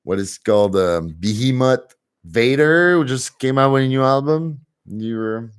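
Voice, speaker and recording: Slow-talking man. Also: medium pitch, lively intonation, clean tone. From Montreal, Canada. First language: French. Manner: chatty, answers viewer comments, laughs easily. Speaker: live-stream host. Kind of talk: casual live-stream chat.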